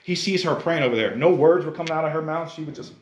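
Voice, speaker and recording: A man preaching a sermon to a congregation in a conversational, animated way, often calling the listeners "guys". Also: a little high, fast, echoey room, a little hiss or hum. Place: church service.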